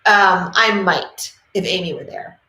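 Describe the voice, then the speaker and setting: A middle-aged woman from New England, talking to camera as a dog trainer, telling stories with passion and quick acted-out quotes. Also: fairly low pitch, pushed and bright, slight background noise. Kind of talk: casual talk to camera. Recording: roomy echo.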